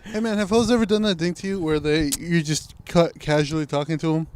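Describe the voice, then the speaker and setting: A man's voice: on the high side, steady tone, brisk, a little mellow, slight background noise. A man co-hosting a casual podcast chat, laid-back and rambling, with lots of "like" and "kinda". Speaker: podcast co-host.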